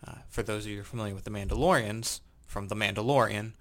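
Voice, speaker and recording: A man's voice: fairly low pitch, fairly even intonation, fast talker, a bit bright. A man co-hosting a gaming podcast, telling a rambling story in casual chat, correcting himself as he goes. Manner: rambling storyteller, self-correcting, laughs at own jokes. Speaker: podcast co-host.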